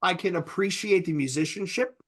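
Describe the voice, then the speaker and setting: Podcast co-host, man, middle-aged, easygoing, slightly higher pitch. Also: a little fast, fairly bright tone, husky. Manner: laid-back, lots of fillers. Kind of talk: casual chat.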